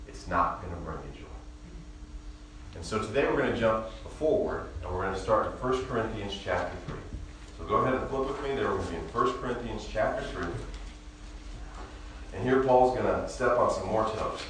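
A man preaching a sermon as a pastor, in a relaxed, conversational way, telling stories with humor. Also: lowish voice, fairly quick, a little hiss or hum. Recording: very echoey room, mic far off, faint ambience.

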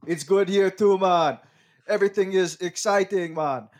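A man putting on an excitable, halting mock-accented guest voice that keeps repeating words. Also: high-pitched, voice pushed up. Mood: excited. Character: excitable male podcast guest with a fake accent.

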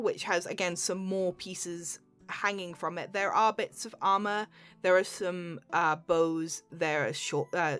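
A woman's voice: medium pitch, a bit bright. Woman game master, rambling narration. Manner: rambling, many fillers and restarts, laughs easily.

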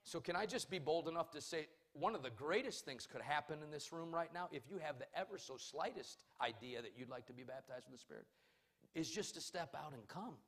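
A male pastor preaching a sermon in church. He swings between loud, emphatic calls and quiet, personal storytelling. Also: on the high side, lively intonation, fairly quick.

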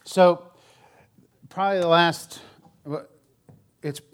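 Man preaching with a slightly high voice. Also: steady tone, drawn-out words, clear, resonant tone. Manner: candid, conversational storytelling with frank asides; swings between loud emphasis and quiet low asides. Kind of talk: sermon.

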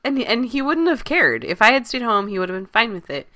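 Congested woman, bright tone, relaxed chatty podcast co-host. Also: a little high, fairly quick. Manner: chatty, laughs easily. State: congested, stuffy nose. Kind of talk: casual chat.

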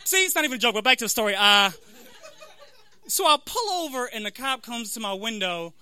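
A young adult man doing a stand-up comedy set, halting and self-deprecating with lots of fillers. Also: high voice, animated, bright, forceful tone, smooth. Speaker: stand-up comic.

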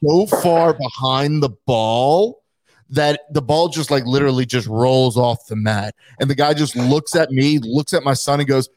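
A man's voice: medium pitch, a little slow, a little mellow, no echo, studio quality. A man co-hosting a podcast, telling a profane, laid-back story in casual chat. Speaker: podcast co-host.

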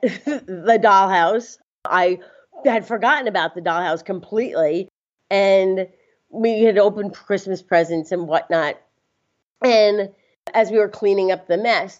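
A woman guest telling a personal story in a casual, animated way, often laughing and acting out what others said. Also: mid-range voice. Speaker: interview guest. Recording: slightly dull lo-fi sound.

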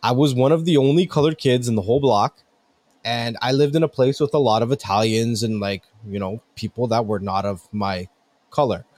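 A middle-aged man co-hosting a casual chat, animated and joking, swearing freely. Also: medium pitch, a little fast, no echo.

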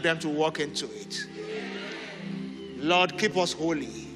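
A man pastor leading prayer and having the congregation repeat declarations after him, rising to fervent shouts. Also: a little high, expressive, slow, long pauses. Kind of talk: sermon and prayer. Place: large church hall. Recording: echoing hall with music.

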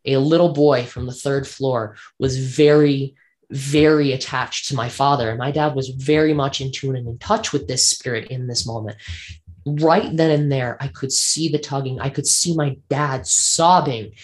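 A man's voice: medium pitch, fairly even intonation, moderate pace. A man, a guest on an interview show, telling a personal ghost story earnestly and vividly, repeating phrases for emphasis.

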